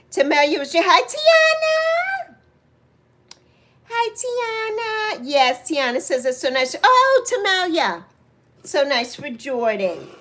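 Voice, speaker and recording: Woman, 60s, livestream host; affectionate chatty delivery, unhurried, voice swings up high. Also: a bit bright. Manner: chatty, affectionate, greets viewers by name, laughs often. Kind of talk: casual livestream chat reading comments.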